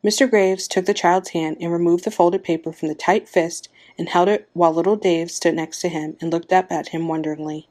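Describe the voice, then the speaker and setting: Low-voiced woman reading a story aloud. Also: fairly even intonation, fairly quick, few pauses, a little mellow. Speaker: narrator.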